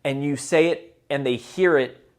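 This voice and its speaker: A man giving advice as a motivational speaker, emphatic and repeating key phrases, moving between loud and soft delivery for effect. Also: mid-range voice, measured pace, clean tone. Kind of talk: direct-to-camera advice talk.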